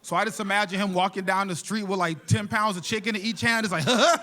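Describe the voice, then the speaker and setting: Man, stand-up comedian, high voice, bright tone, casual profane storytelling, laughs often. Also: steady tone, quick pace. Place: theater stage before a live audience.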